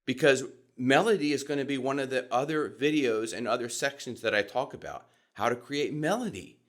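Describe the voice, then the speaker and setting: A middle-aged man with a Southern US accent, teaching voice technique in a calm, measured, deliberate way. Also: medium pitch. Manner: calm, measured and deliberate, demonstrating vocal examples. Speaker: voice coach. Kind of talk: instructional talk.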